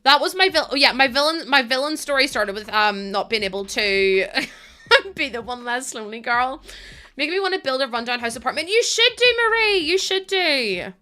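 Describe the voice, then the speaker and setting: A woman's voice: sits high, sing-song, normal speed, pushed and bright, smooth. A young woman streaming a game, chatting casually with her chat, thanking viewers and laughing often.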